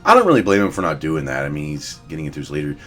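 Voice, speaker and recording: A man's voice: a bass voice, huge pitch swings, rapid-fire, fairly bright tone. A young man giving blunt, profane, rambling casual commentary as he ranks fitness figures. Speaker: fitness vlogger. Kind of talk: casual commentary ranking influencers.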